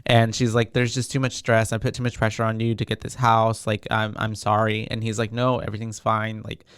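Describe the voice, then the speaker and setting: A man's voice: fairly low pitch, fairly quick, smooth, dry recording, studio quality. A man co-hosting a podcast, recapping a film in casual chat and acting out the characters' lines with plenty of swearing. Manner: animated storytelling with profanity, acts out quoted lines. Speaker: podcast co-host.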